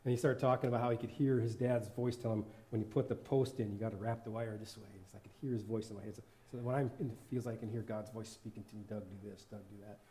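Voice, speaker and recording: A man's voice: on the low side, steady tone, quick pace, few pauses, warm tone, a little hiss or hum. A man giving an informal sermon in church, rambling and laughing often as he corrects himself. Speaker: worship leader and lay preacher.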